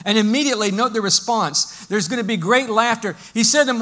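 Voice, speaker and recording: High-voiced, bright preacher. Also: male voice, a little fast, few pauses. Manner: lively, storytelling, explanatory. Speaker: pastor. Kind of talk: sermon.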